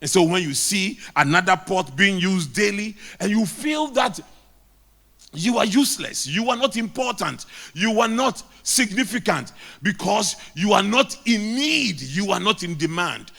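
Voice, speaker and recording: A man's voice: high-pitched, animated, measured pace, gravelly, bright, forceful tone. A middle-aged man with a Ghanaian English accent preaching a sermon, emphatic and repeating key lines. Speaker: pastor.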